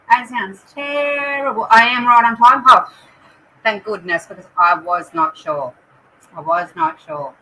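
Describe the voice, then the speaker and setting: A woman's voice: fairly high pitch, bright, forceful tone, a little hiss or hum, low-quality recording. A woman with an Australian accent hosting a live craft stream, chatting and reading out viewer comments. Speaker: craft channel host.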